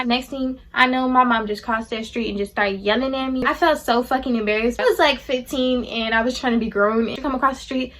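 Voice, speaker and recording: A woman's voice: fairly high pitch, a little fast, hardly any pauses, a bit bright, a little hiss or hum. A young adult woman telling a personal story to her viewers, blunt and profane, acting out the people she quotes. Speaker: vlogger. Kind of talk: storytime chat to camera.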